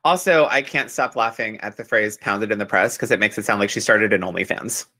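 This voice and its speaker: A man's voice: on the low side, brisk. A man co-hosting a podcast, gossiping animatedly while recapping a reality show. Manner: gossipy, animated, swears casually. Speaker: podcast co-host.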